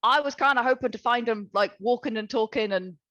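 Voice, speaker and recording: A woman's voice: on the high side, brisk, fairly bright tone, dry recording, dull audio. A woman playing in a tabletop game, talking in a playful, joking way. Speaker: player. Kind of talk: casual tabletop play.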